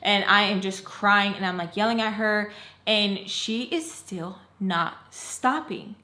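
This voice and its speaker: Speaking slowly with a sharp tone at medium pitch, a woman vlogger recounts a dramatic story. Her telling is rambling and emotional, heavy on "like," and the room has a noticeable echo.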